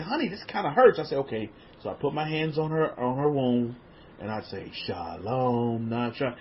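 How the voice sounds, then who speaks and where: Male religious teacher, high pitch, gentle questioning delivery with hushed drops, muffled lo-fi audio. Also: slightly rough. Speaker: religious teacher leading an online class. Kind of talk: interactive spiritual teaching.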